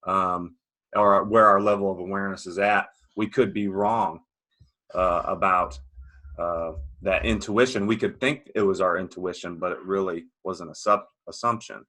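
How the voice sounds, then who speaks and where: A man's voice: low voice, fairly even intonation, normal speed, bright, forceful tone, poor audio. A man taking part in a live group discussion, reflecting thoughtfully and drawing on his own experience. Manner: reflective, speaks from personal experience. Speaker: discussion participant.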